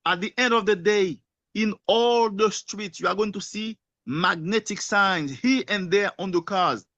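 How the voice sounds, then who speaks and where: A man giving a rousing motivational sales pitch in non-native English, firing off rhetorical questions and answering them himself. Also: a little slow, a bit bright, no room sound. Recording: dull lo-fi sound.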